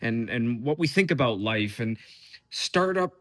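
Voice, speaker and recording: A young man talks straight to his viewers in an unscripted, rambling vlog. His voice sits at an ordinary middle pitch, and he sounds fed up, cursing casually and tripping over restarts as he thinks aloud. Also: expressive, measured pace, a bit bright. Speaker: vlogger.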